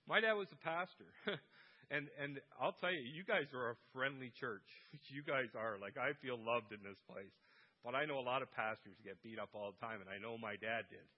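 A man's voice: medium pitch, moderate pace, muffled recording. A man preaching a sermon to a church, telling stories with humor and quoting people in their voices. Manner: humorous storytelling with quoted voices. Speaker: guest preacher.

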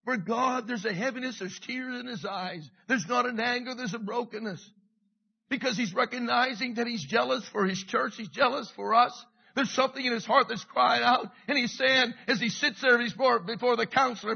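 A middle-aged man preaching a sermon with passion, dropping to a hush and rising again, repeating his phrases. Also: very high voice, normal speed, gravelly, breathy edge, lo-fi sound. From Canada. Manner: passionate, swings from hushed to loud, repeats phrases. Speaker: pastor.

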